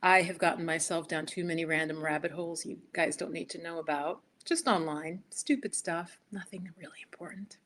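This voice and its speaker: A woman's voice: fairly low pitch, brisk, few pauses, a bit bright, a little hiss or hum. A woman hosting a casual live stream for her yoga channel, chatty and rambling, laughing at herself as she talks into her laptop. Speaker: yoga and meditation host. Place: indoors, home set-up with laptop.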